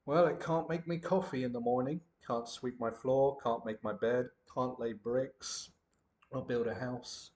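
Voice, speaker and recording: Man, casual and jokey, a little hesitant, mid-pitched voice. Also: steady tone, a little slow, a little mellow. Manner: joking, playful, hesitant. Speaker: English teacher trying out an AI tutor. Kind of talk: casual chat.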